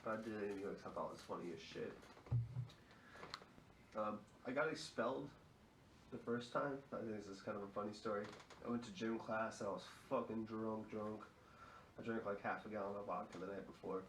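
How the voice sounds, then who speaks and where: A man's voice: lowish voice, brisk, fairly bright tone, a little hiss or hum. A young man hosting a podcast, telling rowdy stories in a profane, chuckling way. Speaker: fill-in podcast host. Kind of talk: casual storytelling. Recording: echoey room.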